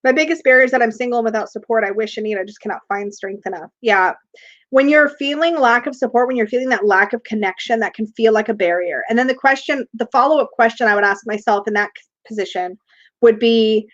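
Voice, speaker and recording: A woman's voice: fairly high pitch, fast. Chatty woman hosting a tarot livestream. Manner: chatty, laughs often, reads viewer comments aloud. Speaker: tarot reader and livestream host. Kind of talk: casual livestream chat. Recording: dull lo-fi livestream audio.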